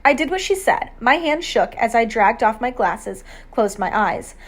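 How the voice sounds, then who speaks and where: A woman reading an audiobook aloud, measured storytelling narration in the first person. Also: fairly high pitch, animated.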